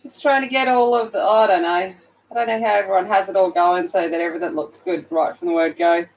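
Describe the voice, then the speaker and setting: A sleepy Australian woman, just woken up, hosts a casual livestream from her phone, greeting viewers by name and chatting while she colours. Her voice is on the low side, steady, quick and creaky, on a rough recording with slight background noise.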